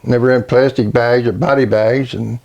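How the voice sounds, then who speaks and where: Older kentucky guy, navy vet, plain talk, halting, stretches his words out. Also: mid-range voice, steady tone, creaky, a little mellow, dull audio. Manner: plainspoken, halting, drawn-out storytelling. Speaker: Navy veteran interviewee. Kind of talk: oral history interview.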